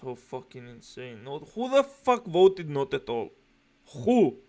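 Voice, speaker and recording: Guy ranting and swearing over a stream, mocking, kinda high voice. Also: big pitch swings, measured pace, dark tone. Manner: profane, aggressive mocking rants. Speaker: reaction commentator. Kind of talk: ranting reaction commentary.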